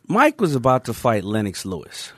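New dude telling wild stories on a podcast, laughs a lot, middle voice, dry mic. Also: male voice, mid-range voice, normal speed, no echo. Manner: lively retelling with laughter and swearing. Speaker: podcast guest. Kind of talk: animated storytelling.

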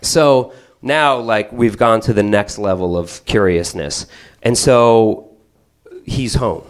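A man's voice: lowish voice, slow, noisy background. Profane rambling storytelling man. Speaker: comedian telling a story. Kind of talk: stand-up storytelling.

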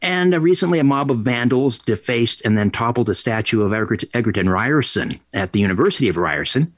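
A man's voice: medium pitch, expressive, brisk, no echo. A man hosting a talk radio show, delivering an opinionated, sarcastic and indignant monologue. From Canada. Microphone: studio microphone.

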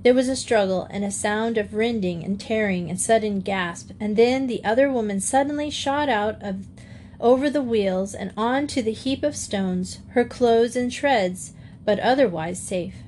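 A woman reading a classic children's novel aloud as an audiobook narrator, in a steady storytelling manner. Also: medium pitch, a little slow, a little hiss or hum. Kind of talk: scripted narration.

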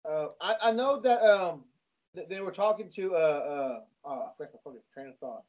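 A man's voice: a little high, lively intonation. A man in a casual chat with friends, stumbling over his words and swearing. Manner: halting, restarts and swears. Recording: dull lo-fi audio.

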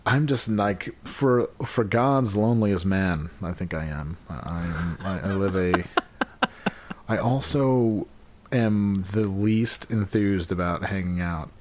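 A young man co-hosting a podcast in casual chat, sounding subdued and sluggish and talking haltingly with many fillers. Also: sits low, slight background noise. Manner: halting, full of fillers and restarts. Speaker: podcast co-host.

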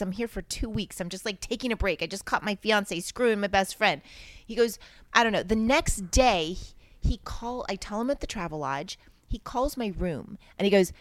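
A woman's voice: medium pitch, normal speed, no room sound. A woman telling a story in a casual chat, acting out the voices of the people she quotes. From Texas. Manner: animated, acts out quoted voices. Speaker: guest.

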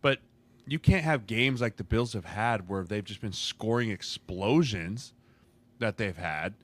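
A man's voice: fairly low pitch, expressive, a little slow. A man co-hosting a football podcast, opinionated and acting out quotes in casual chat. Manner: opinionated, acts out quotes in voices. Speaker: podcast co-host, former lineman.

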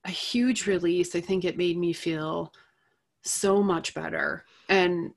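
A woman's voice: on the low side, slow, vocal fry. Candid middle-aged woman telling a personal story. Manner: candid, animated, laughs between phrases. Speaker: guest.

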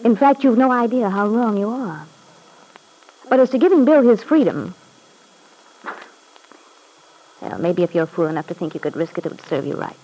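An actress playing a haughty, spoiled young wife from a rich family, talking back with cutting scorn in 1940s radio drama style. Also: female voice, medium pitch, lively intonation, brisk, warm tone, husky. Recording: scratchy old radio broadcast.

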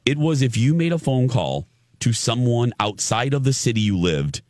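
A man's voice: medium pitch, very animated, moderate pace, a little mellow, no room sound, studio quality. A middle-aged man from Indiana hosting a radio show, telling a story in casual chat with stammered restarts and laughter at himself.

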